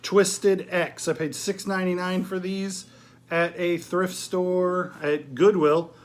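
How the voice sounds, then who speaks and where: A middle-aged man with a voice pitched a little high talks through items he has sold. His delivery is chatty and easygoing, with frequent ums and restarts, in the loose style of a casual vlog. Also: little pitch movement, slow. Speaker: eBay reseller and channel host. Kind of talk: casual thrift haul vlog chat.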